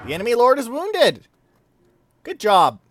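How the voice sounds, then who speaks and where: A man giving casual, excitable commentary over his own gameplay, swearing freely and breaking into silly sing-song chants. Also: very high-pitched, unhurried, background noise. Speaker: video game let's play host. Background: game music.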